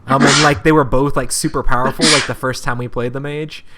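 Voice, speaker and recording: Man, mid-pitched voice, podcast host, casual explaining, lots of filler words. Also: fairly even intonation, heavy background noise. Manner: quick, filler-heavy explaining with many "like"s. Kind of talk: casual chat.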